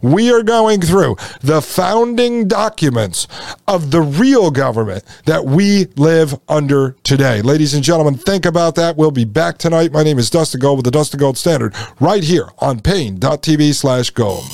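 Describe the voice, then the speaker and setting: A man's voice: fairly high pitch, animated, moderate pace, creaky, a little mellow, no echo, studio quality. Emphatic man hosting a commentary show. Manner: emphatic, repetitive, addresses listeners as folks. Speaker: podcast host.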